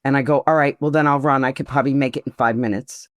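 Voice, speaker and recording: A woman in her sixties slowly recounting a painful personal memory in an interview, often quoting what others said. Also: a bass voice, steady tone, dry recording. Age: 60s. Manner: slow, grief-laden retelling, quoting others' words. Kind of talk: personal testimony.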